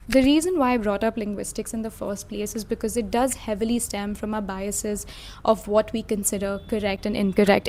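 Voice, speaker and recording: A woman's voice: medium pitch, a little mellow. A woman from India reading a scripted video essay, reflective and lightly casual, with frequent hedging fillers. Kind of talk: scripted commentary.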